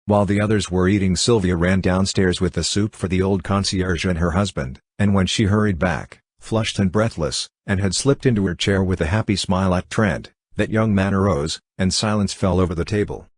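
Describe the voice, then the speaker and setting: A man narrating an audiobook in a steady, even reading style. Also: deep voice, normal speed, few pauses, dry recording, clean studio sound. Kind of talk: scripted narration.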